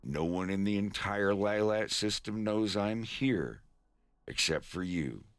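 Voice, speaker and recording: A man doing a calm, polite young man. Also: fairly low pitch, unhurried, clean tone, no room sound, pitched above the performer's own voice.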